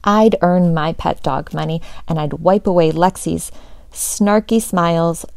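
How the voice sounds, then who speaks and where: Gravelly-voiced woman reading a storybook. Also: on the low side, measured pace, a little mellow, dry recording. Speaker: teacher reading aloud. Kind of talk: reading a children's chapter book aloud.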